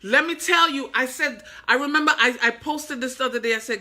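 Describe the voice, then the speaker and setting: A woman's voice: high voice, a little fast, few pauses, sharp tone. A woman who is a motivational speaker and author, giving an inspirational faith talk in an emphatic, repetitive, preacher-like cadence and speaking straight to the listener. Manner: addresses the listener directly, coaxing.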